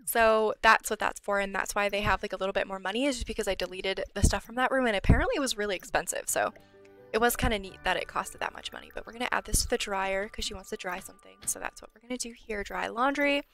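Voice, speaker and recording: A woman's voice: mid-range voice, quick pace, fairly bright tone, soft background music. A young woman giving casual, chatty let's-play commentary on a life-sim game, sometimes dropping to a whisper. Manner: chatty, drops to whispers when worried. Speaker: gameplay channel host.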